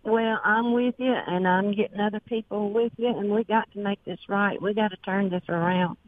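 A woman's voice: mid-range voice, fairly even intonation, normal speed, no echo. A woman with a Mississippi Southern accent calling in to a radio show, earnest and gushing. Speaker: caller. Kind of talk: phone-in chat. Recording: phone line.

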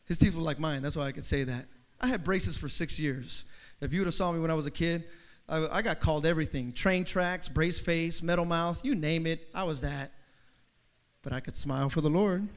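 A man's voice: on the high side, fairly quick. A male pastor preaching a sermon in a rising, repeating preacher cadence, with humorous asides and family stories.

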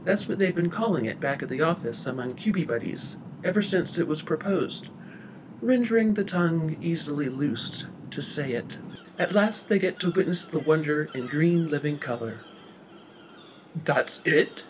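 A man's voice: fairly high pitch, animated, normal speed, background noise. Wry man narrating a story.

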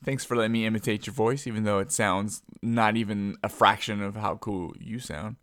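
A young man rambles through a podcast intro in a goofy, self-deprecating way. His voice is bright and forward. The sound is close and dry, with no room around it. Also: on the low side, steady tone, moderate pace, no room sound. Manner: conspiratorial hushed teasing at the start. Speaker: podcast host.

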